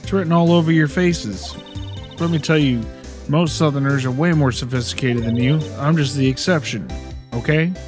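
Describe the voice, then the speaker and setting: A man's voice: on the high side, moderate pace, music in the background, lightly acted. A man voicing a brash young Southern woman photographer with a put-on drawl, folksy and fond of bargaining. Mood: wheeling-dealing. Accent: American Southern, put on.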